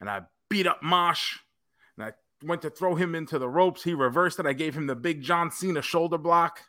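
Bright-voiced man telling a lively story. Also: on the high side, normal speed, dry recording, clean studio sound. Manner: animated storyteller, acts out quoted lines, laughs often. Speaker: podcast co-host. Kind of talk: casual storytelling chat.

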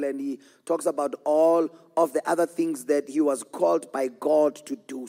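A man's voice: on the high side, steady tone, normal speed, few pauses, mellow. A man preaching a sermon as pastor, often asking the congregation whether they are with him and building in intensity as he goes. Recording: echoey hall with long reverb.

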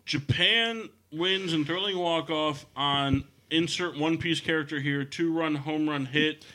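A man's voice: a little high, measured pace, pushed and bright. A man hosting a podcast in casual chat, crude and joking, steering the talk between his co-hosts. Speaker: podcast host. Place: studio.

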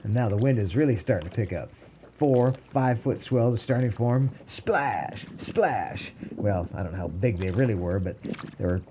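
Mellow wry male storyteller. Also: lowish voice, brisk, a little hiss or hum. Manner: calm and wry. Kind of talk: story narration.

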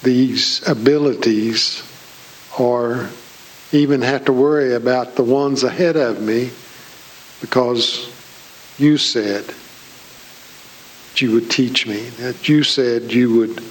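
A man's voice: medium pitch, fairly even intonation, slow, long pauses, slight background noise, poor audio. A man preaching a sermon in church, folksy and joking with his congregation. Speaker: pastor.

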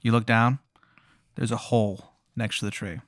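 A man's voice: medium pitch, fairly even intonation, moderate pace, a bit bright, no echo. Male GM, rambling casual narration, improv comedy, dry room. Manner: loose, rambling narration with fillers. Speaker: game master.

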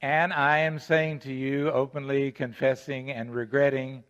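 A man's voice: medium pitch, a bit bright. An older male pastor delivers an earnest sermon, leaning on key words and repeating his phrases. His voice carries a long church reverb, and the recording sounds dull and lo-fi. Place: church sanctuary.

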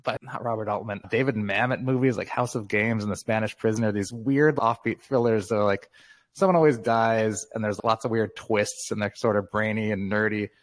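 A man in his fifties with a lowish voice speaks candidly as an interview guest, thoughtful and easygoing, often breaking into a laugh. The sound is dry and close, with no room around it. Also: steady tone, fairly quick, dry recording. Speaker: guest author. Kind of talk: casual interview talk.

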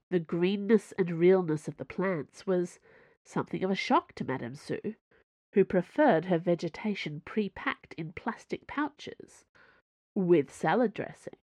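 Woman narrator, fairly low voice, dry close sound, measured expressive reading. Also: no room sound. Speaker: audiobook narrator. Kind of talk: scripted narration.

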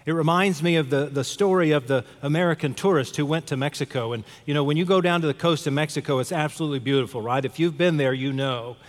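A man's voice: a little high, fast talker, hardly any pauses. Pastor guy preaching, chatty, asks the room stuff, long church echo. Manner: conversational, asks the audience questions. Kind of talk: sermon. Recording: long hall reverb.

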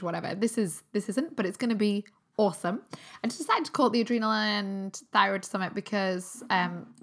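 A British woman, a holistic nutritionist, hosting her own podcast in a chatty, upbeat way, her voice still a little croaky from a recent cold. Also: mid-range voice, a bit bright. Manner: chatty and upbeat, with frequent fillers and restarts. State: slightly croaky voice recovering from a cold. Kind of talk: casual solo podcast talk.

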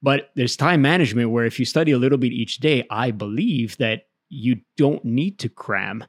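A man's voice: mid-range voice, normal speed, no room sound. A man explaining things in a dry, close voice. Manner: explains at length, often tags "right?". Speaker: podcast co-host. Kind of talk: casual debate chat.

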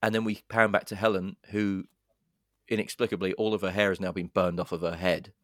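With a deep voice and a brisk pace, a male podcast co-host animatedly walks through a horror film's story in casual conversation, swearing and performing the quotes with dramatic flair. There's no room sound, and the audio is studio quality.

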